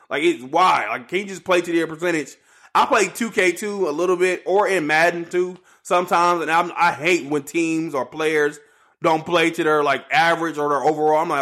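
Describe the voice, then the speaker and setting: A man with a fairly high voice and hosts a casual solo sports podcast. He rambles, circles back, and repeats himself in loose, slangy, animated talk. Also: fairly quick. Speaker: podcast host.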